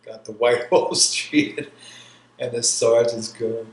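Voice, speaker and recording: Speaking slowly in a mid-range voice with a steady tone, a New York man in his sixties tells his life story for an oral history interview. The army veteran rambles and laughs as he talks, and the roomy recording carries faint background hiss.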